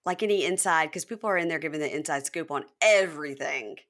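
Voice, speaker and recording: A woman's voice: low-pitched, fast talker, fairly bright tone. A middle-aged woman hosting a podcast, chatting casually and laughing often as she recaps a show. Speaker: podcast host.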